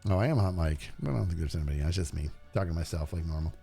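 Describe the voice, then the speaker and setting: A man's voice: deep voice, very fast, creaky, warm tone, soft background music. A man streaming a game, chatting casually and rambling to his viewers. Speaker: livestreamer. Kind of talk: casual gameplay stream chat.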